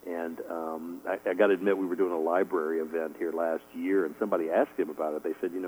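A man's voice: low-pitched, level tone, quick pace, few pauses, darkish tone, rough recording. A middle-aged man being interviewed as an author, rambling with lots of fillers and chuckling often. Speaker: author guest. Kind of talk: casual radio interview answers.

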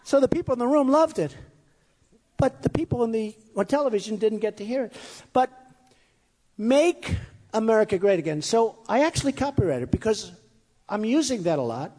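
Speaking very animatedly in a very high, mellow voice, a man moves at a fairly quick pace through a rambling, boastful campaign speech full of repetition. He is a candidate at an event held in a large hall with a crowd. The recording carries long hall reverb.

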